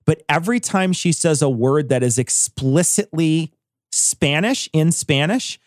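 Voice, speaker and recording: A man hosting a podcast in casual chat, animated, swearing and laughing often. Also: fairly high pitch, a little slow, no echo, studio quality. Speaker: podcast host.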